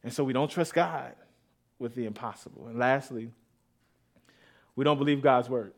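A man delivers a heartfelt sermon from the pulpit, his voice sitting at an ordinary middle pitch. He tells a personal story and grows more intense at its hardest moments. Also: normal speed, vocal fry. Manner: emotional, rising intensity at moments of grief. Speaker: pastor.

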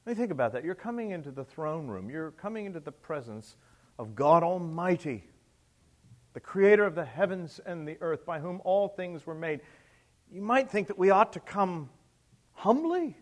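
A middle-aged male pastor preaching a sermon, emphatic, with rhetorical questions and swings between loud and soft. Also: high-pitched, very animated, moderate pace.

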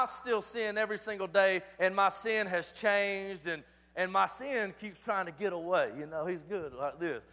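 A male pastor preaching a sermon with passion, swinging from forceful lines to sudden soft, hushed drops, often repeating his phrases. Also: high-pitched, in a large hall.

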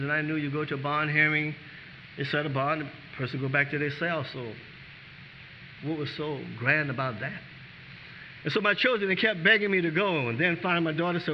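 A man's voice: a little high, muffled recording, a little hiss or hum. An older man preaching a sermon as pastor, asking the congregation question after question and rising to fervent peaks.

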